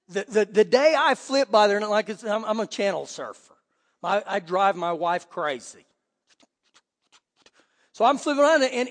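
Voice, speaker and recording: High-voiced pastor preaching in a hall. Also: male voice. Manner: animated storytelling with quoted voices. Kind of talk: sermon. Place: church sanctuary.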